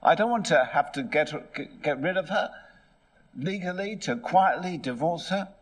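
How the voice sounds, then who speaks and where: A man's voice: mid-range voice, animated, slow pace, fairly bright tone. Glum, torn young man voiced by a male preacher, pleading and troubled.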